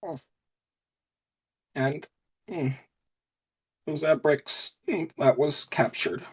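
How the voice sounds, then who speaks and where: A woman playing a tabletop game who speaks slowly and hesitantly, with many hums. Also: deep voice, husky, low-quality recording. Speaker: player.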